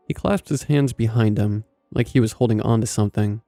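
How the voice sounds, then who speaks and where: Man narrating a story, gravelly, dark mellow tone, dry close sound. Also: on the low side, fairly quick, no room sound, faint music behind. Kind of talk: scripted first-person story narration.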